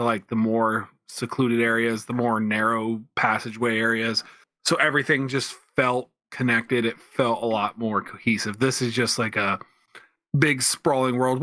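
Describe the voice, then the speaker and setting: Podcast co-host, man, bright voice, rambling casual delivery, dry close mic. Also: medium pitch, dry recording. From Pennsylvania, USA. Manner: rambling, lots of restarts and fillers. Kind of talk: casual chat.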